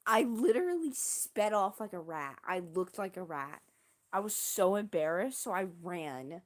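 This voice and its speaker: A young woman chats on stream, telling a story in a loose, rambling way. She leans on slang and pokes fun at herself as she goes. Her voice sits at an everyday middle pitch. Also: expressive, a little slow. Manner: rambling, self-deprecating, slangy. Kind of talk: casual storytelling.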